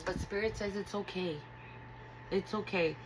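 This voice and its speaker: A woman's voice: medium pitch, steady tone, a little slow, heavy background noise. A woman giving a casual tarot reading, talking bluntly and emotionally with lots of swearing. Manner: blunt, profane, emotional and earnest. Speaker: tarot reader.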